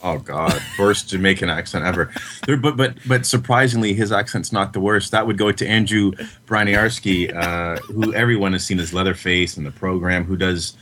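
A man's voice: deep voice, moderate pace, a bit bright, a little hiss or hum. A man co-hosting a casual podcast chat, joking in a wry way. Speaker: podcast co-host.

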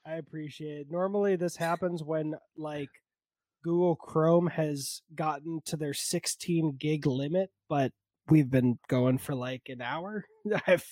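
A man's voice: fairly high pitch, unhurried, a little mellow, no echo. A man hosting a podcast, chatting casually about a movie, rambling and laughing often at himself, on a computer mic. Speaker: podcast host. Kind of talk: casual movie review chat.

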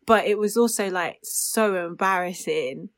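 A woman's voice: fairly low pitch, measured pace. A young woman, chatting casually on a podcast, reading a post aloud and laughing often. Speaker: podcast co-host.

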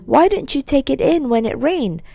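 A sharp-tongued aunt scolds and snaps with sarcasm, as a woman puts her on. The voice swings up and down with feeling, yet keeps a warm, mellow tone. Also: sits high, expressive, moderate pace, gravelly, pitched above the performer's own voice. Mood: angry scolding. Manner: angry, nagging, sarcastic.

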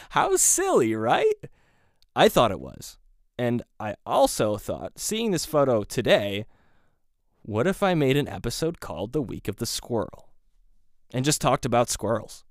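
A man's voice: mid-range voice, no echo, clean studio sound. A man hosting a solo podcast, rambling casually with sarcastic, self-deprecating asides. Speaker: podcast host.

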